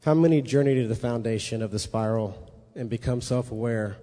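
With a dark-toned, medium-pitched voice and a brisk delivery, a preacher gives a conversational sermon. He frequently checks in with the congregation, and the hall adds a long reverb.

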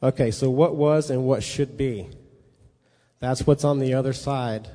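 At a measured pace, a preacher with a medium-pitched, dark voice teaches a sermon conversationally. He checks in with his listeners frequently, and the recording carries a hall's long reverb.

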